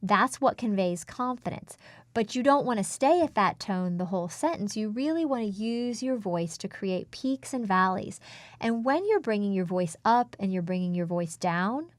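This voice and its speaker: A woman speech coach in an interview, explaining speaking technique in a measured, instructive way. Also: mid-range voice, lively intonation, no room sound.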